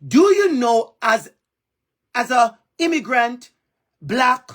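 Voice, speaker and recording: A man's voice: very high voice, expressive, slow pace, fairly bright tone. A man with a Jamaican accent gives an impassioned keynote speech over a video call, using emphatic repetition. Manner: emphatic, repeats phrases for emphasis. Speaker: keynote speaker.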